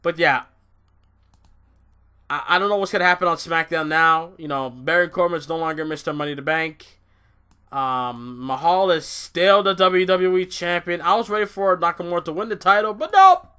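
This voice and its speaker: Excitable bright-voiced young man ranting. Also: fairly high pitch, normal speed, clear, resonant tone. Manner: excitable, repeats himself, swears, laughs at his own points. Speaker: wrestling review vlogger. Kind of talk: casual rant review.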